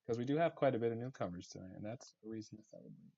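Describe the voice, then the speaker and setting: A low-voiced man with a flat, monotone delivery reads out raffle winners to his game community. The sound is dull and lo-fi, like a voice chat capture. His talk is casual and loose. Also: very fast, gravelly, breathy edge. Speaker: online game community host. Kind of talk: casual live raffle announcing.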